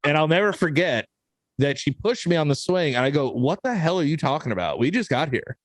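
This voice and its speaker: A young man co-hosting a podcast, telling family stories in a loose, animated way, acting out quotes and swearing casually. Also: a little high, fairly quick, dry recording. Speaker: podcast co-host. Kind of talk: casual storytelling chat.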